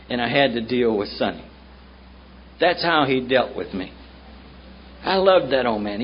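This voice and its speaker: A man's voice: fairly high pitch, slightly rough. Blunt Southern man telling stories. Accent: Southern American. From United States. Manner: blunt, profane, conversational. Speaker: recovery meeting speaker. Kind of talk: storytelling talk at a meeting. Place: meeting room. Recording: muffled old tape with faint hiss.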